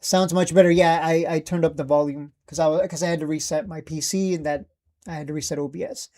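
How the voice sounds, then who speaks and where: A man's voice: fairly high pitch, fairly even intonation, fast, mellow. A man hosting a live trading stream, ranting bluntly and with plenty of swearing, repeating himself in exasperation.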